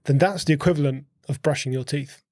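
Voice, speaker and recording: A man, a guest on a podcast, explaining things in a relaxed chat by asking rhetorical questions and often repeating words as he thinks. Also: on the high side, quick pace, no room sound, clean studio sound. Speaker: podcast guest, host's husband. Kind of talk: casual conversational explaining.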